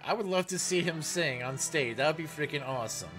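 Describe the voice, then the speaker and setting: A man commenting on a game as he plays, excitable, reading dialogue aloud and laughing often. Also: a little high, brisk. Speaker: gaming let's player. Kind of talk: let's play commentary. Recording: faint game music behind.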